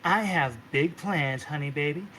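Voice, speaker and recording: Man voicing a flamboyant goddess big sister, sassy and doting, pitched up. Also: a little slow, pushed and bright, a little hiss or hum, rough recording. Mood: boastful. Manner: gushing pet names, camp and sassy.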